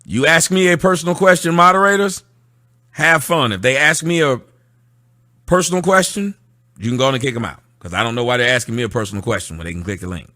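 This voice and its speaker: A man's voice: mid-range voice, quick pace, pushed and bright, no echo, clean studio sound. A man hosting a casual livestream, reading viewer comments aloud and answering them in a sarcastic, mocking way. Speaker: livestream host. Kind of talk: casual livestream rant to chat.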